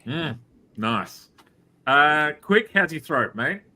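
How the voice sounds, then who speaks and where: A man's voice: a little high, expressive, takes it slowly, background noise. A man with an Australian accent hosting a casual online show, jokey and teasing with his guests. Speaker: host.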